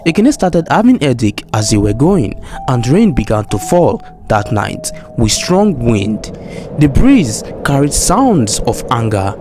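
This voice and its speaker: A man narrating a folktale in a steady, plain storytelling manner with expressive rises. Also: mid-range voice, measured pace, music in the background.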